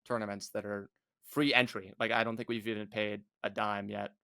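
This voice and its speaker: A man's voice: lowish voice, level tone, normal speed, vocal fry, pushed and bright, no echo, clean studio sound. A young man, a guest on a gaming podcast, talking bluntly and casually with lots of filler words. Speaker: guest, competitive gamer.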